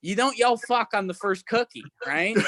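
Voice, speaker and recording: Bright young man doing halting stand-up. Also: sits high, no echo. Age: 20s. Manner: halting, self-deprecating delivery with many fillers. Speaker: stand-up comic. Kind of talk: stand-up set over a video call.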